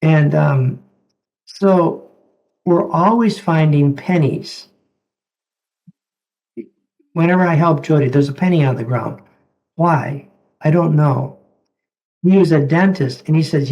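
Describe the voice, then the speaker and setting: A gentle, halting man talks at an unhurried pace. His voice sits a little high with a gravelly edge and a mellow, darker tone. He is a doctor telling stories as an interview guest. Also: lo-fi sound. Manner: gentle, halting, repeats words. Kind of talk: reflective storytelling in conversation.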